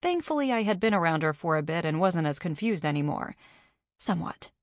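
A woman with a low voice reads a first-person audiobook in a measured, even way. The recording is close and dry, with no room sound. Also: no room sound.

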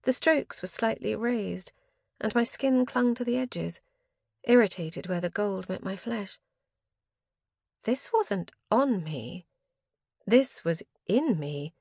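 A woman reading a first-person fantasy novel aloud, expressive and dramatic, with tense rises at moments of action. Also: mid-range voice, breathy edge, no echo, clean studio sound. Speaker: audiobook narrator.

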